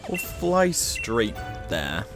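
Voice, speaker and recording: A man's voice: on the low side, wildly swooping pitch, very slow. Man narrating a game over its music. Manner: reads on-screen dialogue aloud between comments. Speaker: gaming channel host. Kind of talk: casual gameplay commentary.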